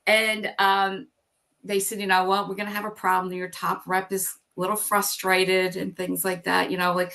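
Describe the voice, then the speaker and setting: A middle-aged woman telling her story as an interview guest, animated and acting out the dialogue she recalls. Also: mid-range voice, normal speed, gravelly. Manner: animated storytelling, acts out quoted dialogue, frequent "like".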